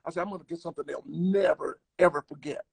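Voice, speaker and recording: A man's voice: fairly high pitch, fast, gravelly, slightly rough, no room sound. An older man, a comedian, telling a travel story in casual conversation, acting out the people he quotes. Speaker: guest comedian.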